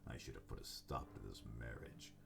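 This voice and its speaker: A man's voice: a bass voice, vocal fry, full character voice. A man voicing a mad old grandfather. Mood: bitter. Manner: slow, brooding, menacing. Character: old nobleman grandfather, zealous and going mad.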